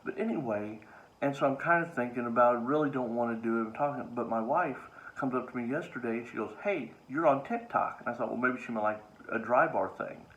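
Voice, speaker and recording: A man's voice: medium pitch, fast, fairly bright tone, muffled recording. A man, a comedian, telling a story in a casual monologue to camera with an exasperated, wry manner.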